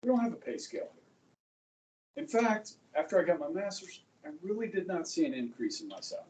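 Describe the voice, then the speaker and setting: A middle-aged man teaching a high school history class, chatting and joking, often checking in with his students. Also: sing-song, a little fast, a little mellow, a little hiss or hum. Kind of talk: classroom lecture. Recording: echoey classroom, voice from far off.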